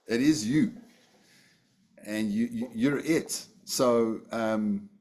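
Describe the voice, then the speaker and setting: A man teaching an online Buddhist class over a video call, talking in a relaxed, conversational way with fillers and restarts. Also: medium pitch, very slow.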